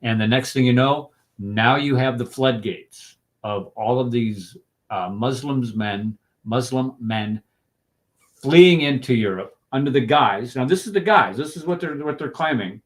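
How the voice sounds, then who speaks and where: A man talking with emphatic conviction, his voice sitting in an ordinary middle pitch. He piles up rhetorical questions and drags out key words for stress, like a speaker pressing a point in a discussion group. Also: unhurried. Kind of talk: impassioned discussion talk.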